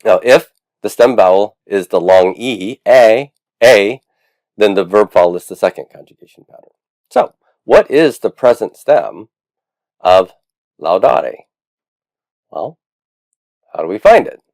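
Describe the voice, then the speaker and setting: In a recorded lecture, a man teaches Latin grammar, explaining patiently step by step with frequent "uh"s and drilling forms aloud. His lowish voice is animated, unhurried and a little mellow, pausing often, with no room sound.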